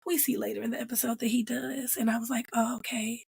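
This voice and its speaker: A woman hosting her own show, recapping a TV episode in a casual, animated and emphatic way. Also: a little high, quick pace, creaky, breathy edge, dry recording. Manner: animated and emphatic, acting out characters' lines and calling them "girl". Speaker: host reviewing a TV episode.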